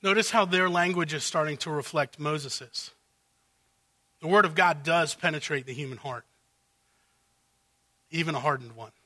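A man preaching a sermon from the pulpit, his voice sitting high and cutting with a sharp, bright edge. He works through a passage verse by verse and breaks into dramatized paraphrases of the characters to make his point. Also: moderate pace, pauses often. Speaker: pastor.

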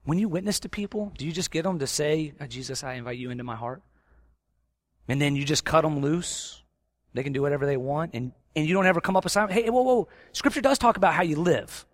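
A man preaching a sermon, swinging between loud emphatic stretches and quiet, intense asides. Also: fairly high pitch, quick pace, no echo, clean studio sound. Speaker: pastor.

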